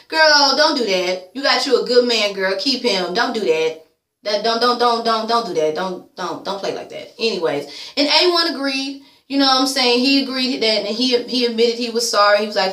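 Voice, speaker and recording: A woman's voice: fairly high pitch, brisk, sharp tone, roomy sound. A woman vlogger giving a casual recap, blunt and sassy, swearing freely and calling people "girl". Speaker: YouTube vlogger reviewing a reality show.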